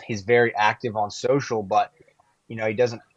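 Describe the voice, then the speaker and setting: Young man, low and flat-toned, earnest guest, heard over dull, dry audio. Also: moderate pace, no room sound. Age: young adult. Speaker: guest, YouTuber. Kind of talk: casual podcast chat.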